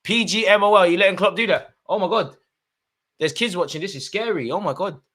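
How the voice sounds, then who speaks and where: A young man giving excitable live commentary on a football match, shouting at players and the referee. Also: high voice, fairly quick. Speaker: football fan channel host.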